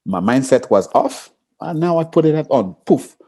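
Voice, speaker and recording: Animated man telling stories, dark-toned. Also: moderate pace. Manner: expressive, jumps into high excited pitch, acts out quotes, laughs. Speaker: Olympic sprinter, interview guest. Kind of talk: animated interview storytelling.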